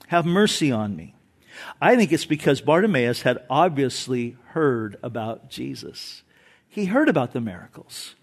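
A male pastor preaching a sermon, lively and animated, acting out voices in the story he tells. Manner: animated preaching, shifts pitch and loudness for emphasis; acts out crowd voices in quotes.

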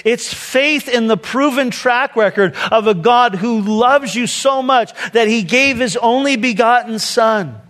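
A male pastor preaching a sermon in a church sanctuary, moving between soft, hushed lines and quick, conversational asides. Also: very high-pitched. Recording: long hall reverb.

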